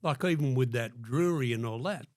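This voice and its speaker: In a casual interview, a guest who is an older Australian man tells blunt tales loaded with swearing, performing other people's lines as he goes. He has a mid-range, slightly mellow voice at a moderate pace, and the studio-quality recording has no echo.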